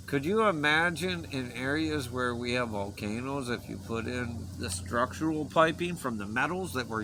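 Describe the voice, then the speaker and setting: A vlogger with a medium-pitched voice delivers an impassioned, rambling personal message to his viewers, choked up and earnestly pleading with them to listen. There is background noise.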